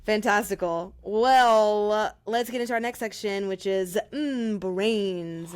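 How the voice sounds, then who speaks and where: A woman's voice: medium pitch, fairly even intonation, moderate pace, a little hiss or hum. Laughing, upbeat woman co-host. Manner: laughs often, playful and upbeat. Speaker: podcast co-host. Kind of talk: casual chat.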